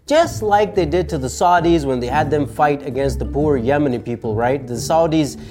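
A man's voice: on the high side, normal speed, hardly any pauses, warm tone, soft background music. A man giving casual spoken commentary on world events. He talks loosely with many fillers and puts on voices for the people he quotes.

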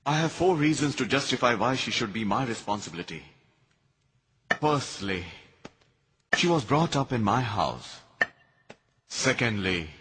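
An actor playing a calm, patient old priest in a dubbed film, measured and reasoning. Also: male voice, lowish voice, husky, no room sound, heavily acted. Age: older.

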